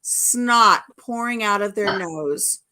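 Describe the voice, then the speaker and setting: A woman hosting a casual chat who tells a story in a lively way and laughs along. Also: mid-range voice, slow, crowd noise. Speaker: host.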